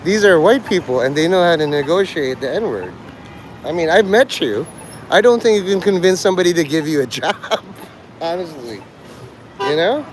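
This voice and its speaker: A man's voice: high-pitched, a little hiss or hum, poor audio. A man livestreaming outdoors on a city street, rambling crudely and joking provocatively.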